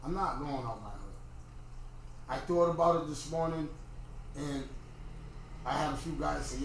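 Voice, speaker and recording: Podcast host, middle-aged man, higher-pitched voice, animated rant, echoey room. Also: normal speed, gravelly, pauses often. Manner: animated ranting, repeats himself. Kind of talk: casual livestream monologue. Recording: very echoey room, faint noise.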